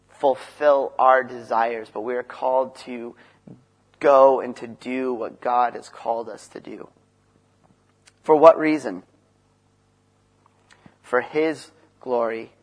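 A man preaching a sermon in an earnest way, shifting from loud emphasis to quiet, low passages and acting out short dialogues. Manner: acts out dialogue between Moses and God.

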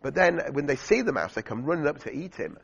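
Gravelly man preaching in a church hall. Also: on the high side, big pitch swings, fast. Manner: chatty, uses fillers and asks the congregation questions. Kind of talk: sermon. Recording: dull lo-fi recording in a reverberant church hall.

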